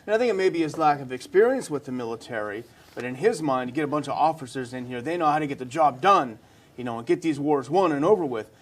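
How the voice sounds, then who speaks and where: A man's voice: medium pitch, expressive, a little hiss or hum. A man co-hosting a casual political discussion, conversational and agreeable. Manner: conversational, agreeable, quick asides. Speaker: podcast co-host.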